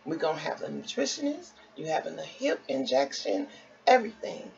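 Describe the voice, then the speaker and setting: Woman putting on a calm, soft-spoken male doctor. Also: low voice, a little fast, vocal fry, voice pushed down, heavily acted. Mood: reassuring. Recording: dull lo-fi with faint noise.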